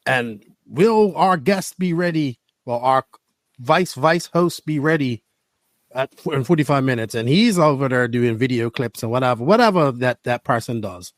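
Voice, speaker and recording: A man's voice: medium pitch, expressive, normal speed, dry recording. A man hosting a casual podcast from a camper set up as a makeshift studio, talking in a joking, playful way. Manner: joking, playful, mock-solemn. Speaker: podcast host.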